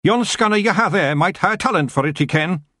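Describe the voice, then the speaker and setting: A man's voice: high voice, lively intonation, a little fast, dry recording, studio quality, voice pushed up, exaggerated voice. A man voicing a tiny, boisterous male fairy warrior with a thick Scottish accent. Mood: boastful. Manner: gruff, loud, boisterous.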